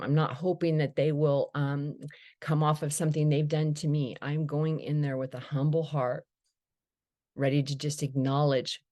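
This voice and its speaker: A middle-aged woman candidly sharing her recovery story, telling it as a lively anecdote with acted-out dialogue. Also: deep voice. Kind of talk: personal recovery talk.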